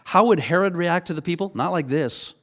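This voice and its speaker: A middle-aged man preaching a sermon as pastor, talking in a loose, animated, conversational way and often checking in with "okay?". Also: fairly high pitch, fairly quick.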